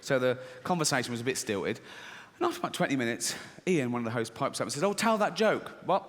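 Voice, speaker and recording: A man's voice: medium pitch, animated, fast talker, a bit bright, big-room sound. A man performing a stand-up set, telling a story in a conversational way with acted dialogue. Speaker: stand-up comedian. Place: large theatre stage.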